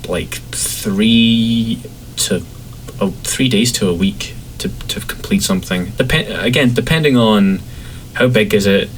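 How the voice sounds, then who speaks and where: Man, Scottish accent, low voice, relaxed rambling podcast chat, faint noise. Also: measured pace, rough recording. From Scotland. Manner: relaxed, rambling, acts out quotes in a higher voice. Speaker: podcast guest, artist.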